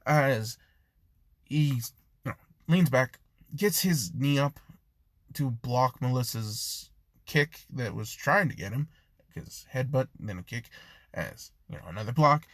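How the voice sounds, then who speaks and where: Slow, rambling male storyteller. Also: medium pitch, lively intonation, a bit bright, no echo. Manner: loose, rambling, many fillers, self-correcting. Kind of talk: improvised fan story narration.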